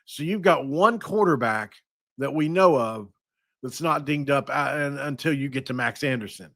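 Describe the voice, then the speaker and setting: A man hosting a sports podcast, talking casually and thinking out loud with frequent restarts. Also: mid-range voice, normal speed, dry recording, clean studio sound. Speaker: podcast host.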